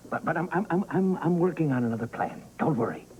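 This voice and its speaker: A man's voice: fairly high pitch, lively intonation, fast, a little mellow, a little hiss or hum, close to an everyday voice, low-quality recording. An actor playing a flustered, stammering man in a soap opera.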